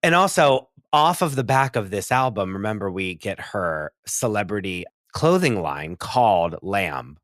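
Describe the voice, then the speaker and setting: A man's voice: low-pitched, sing-song, a little slow, few pauses, dry recording, studio quality. A man co-hosting a comedy podcast in casual chat. He rambles, leans on "like" and laughs often. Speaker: podcast co-host.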